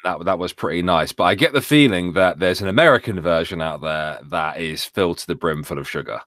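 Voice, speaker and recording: A man's voice: low voice, brisk, fairly bright tone, dry recording, studio quality. A young British man chatting casually as co-host, stammering and jokey. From Britain. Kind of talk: casual chat.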